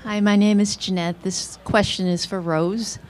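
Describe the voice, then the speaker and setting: A woman's voice: mid-range voice, fairly even intonation, measured pace, darkish tone. A woman in the audience politely and carefully asking a panel a question.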